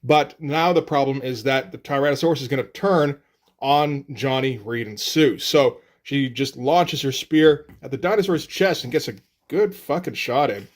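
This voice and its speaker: A man's voice: medium pitch, normal speed. A man casually recapping a comic book issue, laid-back and thinking aloud, with the occasional swear.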